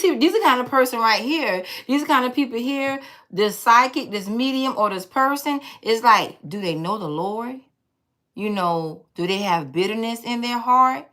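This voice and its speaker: A woman with a bright, forceful voice reads tarot cards straight to her viewers, blunt and sassy. Her pitch swings up and down in a lively way, and she drops teasing, profane asides along the way. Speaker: tarot reader. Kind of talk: casual tarot reading to viewers.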